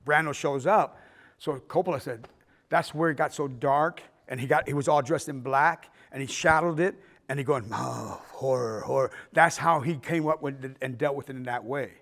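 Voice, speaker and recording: A man's voice: a little high, normal speed, fairly bright tone. An older man teaching a filmmaking class in a casual, rambling way, stumbling and restarting as he tells stories and acts out the people in them. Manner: rambling storyteller who acts out quoted people. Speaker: filmmaking instructor. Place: fine arts center hall with a class.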